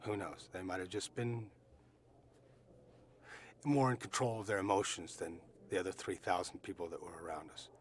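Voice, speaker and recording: A middle-aged man giving eyewitness testimony, telling his story earnestly and emphatically, with pauses and restarts. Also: low voice, steady tone, a little hiss or hum. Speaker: eyewitness recounting events.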